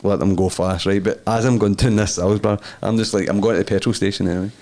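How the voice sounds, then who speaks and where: A young Scottish man with a very deep voice, co-hosting a podcast. He teases his friends and tells stories, swearing and laughing as he goes. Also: fairly even intonation, fast talker, darkish tone. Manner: swearing, teasing, laughs a lot. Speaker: podcast co-host. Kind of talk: casual chat, storytelling.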